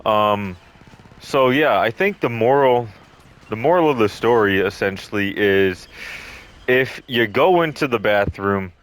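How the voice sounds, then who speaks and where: A man's voice: on the low side, a bit bright. Casual swearing young man telling a story. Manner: swearing, rambling, lots of ums, acts out quotes. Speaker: storytelling vlogger. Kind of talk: casual storytime over gameplay.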